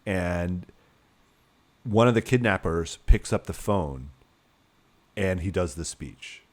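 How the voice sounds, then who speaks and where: A man with a somewhat low voice co-hosts a casual podcast chat. He tells long, rambling stories, restarting and trailing off, with the odd curse. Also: lively intonation, takes it slowly. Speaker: podcast co-host.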